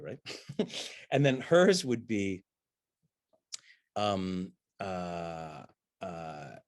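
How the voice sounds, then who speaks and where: A man teaching acting, breaking down a film scene in an animated way and acting out the characters' lines. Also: low voice, takes it slowly, pauses often, no room sound, studio quality. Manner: excitable, acts out the lines of those he talks about.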